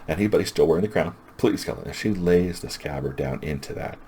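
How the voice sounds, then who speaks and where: Super deep guy recapping a comic, rambly and hyped, little bit of hiss. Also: quick pace, dark tone. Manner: rambling, enthusiastic plot recap. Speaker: comic book reviewer. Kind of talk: casual retelling.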